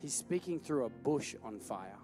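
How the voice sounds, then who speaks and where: A man preaching a sermon in an animated, jokey way, calling for amens from the congregation. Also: medium pitch, moderate pace, over music. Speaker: pastor.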